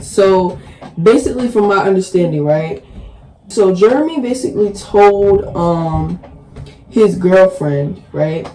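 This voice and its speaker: A woman's voice: mid-range voice, animated, slow, dark tone, low-quality recording. A young woman telling a casual storytime vlog, rambling along with lots of "like"s and restarts. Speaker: storytime vlogger.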